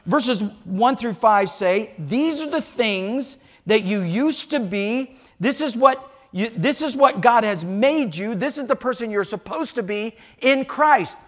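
An older man's very high-pitched voice carries unhurriedly, with few pauses, as he preaches in the church sanctuary. This pastor fills his sermon with homespun stories, animated delivery, and jokes and asides aimed at the congregation.

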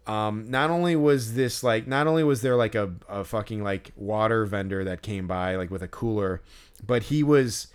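A man's voice: lowish voice, moderate pace, clear, resonant tone. A man co-hosting a podcast who tells a story in casual chat, rambling with many fillers and swearing freely. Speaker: podcast co-host.

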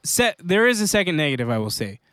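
A man's voice: sits high, very animated, fairly bright tone, smooth, no room sound, studio quality. A man co-hosting a podcast, chatting casually about a series, with lots of restarts and fillers. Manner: rambling, halting restarts and fillers. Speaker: podcast co-host. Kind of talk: casual chat.

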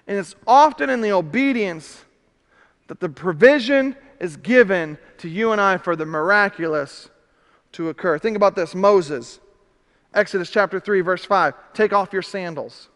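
A male pastor preaching a sermon, animated, swinging from loud emphasis to hushed questions. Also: high-pitched, normal speed. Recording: reverberant hall.

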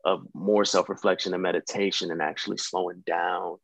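A young American man, an actor, chatting as a guest in a relaxed, rambling way with many fillers. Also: low-pitched, a little fast, creaky, no echo. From United States. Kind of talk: casual interview chat.

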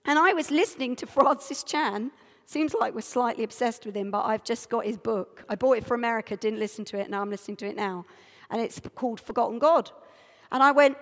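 A middle-aged woman preaching a sermon, telling a story with lively, self-mocking acted-out dialogue. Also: fairly high pitch, fairly quick. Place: church. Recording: church hall reverb.

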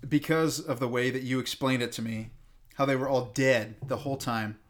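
A man with an ordinary, mid-pitched voice talks casually on a podcast. His delivery is dry and teasing. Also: fairly even intonation, moderate pace. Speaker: podcast co-host. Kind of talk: casual chat.

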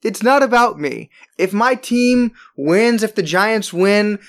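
A podcast host talks through a sports rant with plenty of emphasis. The voice sits at an ordinary middle pitch but leaps up and gets louder whenever a point needs stressing. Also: expressive, slow. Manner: emphatic, ranting, with big jumps in pitch and loudness on stressed words. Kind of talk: opinionated sports podcast monologue.

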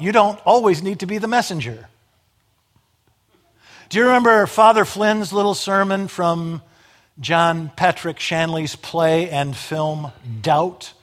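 Emphatic male preacher with wry humor. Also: a little high. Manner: emphatic, dramatic rises and drops in volume. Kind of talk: sermon.

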